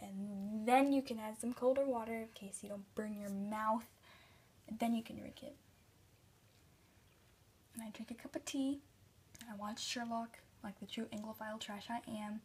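A woman's voice: medium pitch, a little mellow, a little hiss or hum. A young woman vlogging late at night, mostly in a whisper, rambling tiredly and swearing. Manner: whispering much of the time, sleepy and rambling, swearing. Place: bedroom at night, filming through a mirror.

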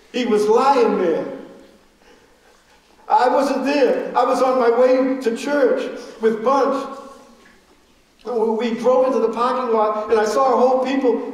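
A man playing a grieving old preacher father. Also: very high-pitched. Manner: earnest, repeats words when emotional. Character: grieving elderly preacher father, steadfast and forgiving. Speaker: storyteller. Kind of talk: live theatrical storytelling. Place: school auditorium. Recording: echoey hall, mic far off.

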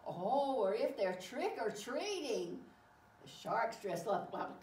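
A woman reading a picture book aloud to children, exclaiming often in an animated way. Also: on the high side, a little hiss or hum. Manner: animated, exclaiming, slow and warm-paced. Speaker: storyteller. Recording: echoey room, far from mic.

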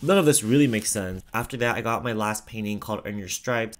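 A man's voice: on the low side, fairly quick, few pauses. A young man talking casually through a vlog as an art student, chatty and playful, calling the viewer babe. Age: young adult.

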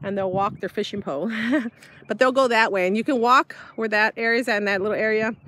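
A woman's voice: medium pitch, fast, rough recording. A woman vlogging casually as she walks her dog outdoors, slightly out of breath, rambling and laughing often. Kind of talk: casual vlog chat while walking. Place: outdoors by a bay, windy. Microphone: handheld device held while walking. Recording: loud wind and outdoor noise. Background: wind, birds, dog.

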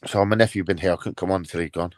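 A man's voice: sits low, steady tone, rapid-fire, no echo. Sweary man hosting a stream. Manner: rough, sweary banter. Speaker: streamer host. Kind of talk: casual live-stream chat.

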